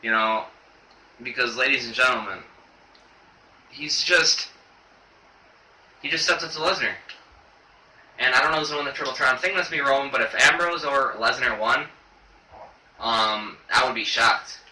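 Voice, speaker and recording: A man's voice: mid-range voice, bright, forceful tone. Rambling young man reviewing wrestling. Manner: rambling, halting, many fillers. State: choked up. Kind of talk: casual video review. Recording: echoey room, distant camera mic, faint noise.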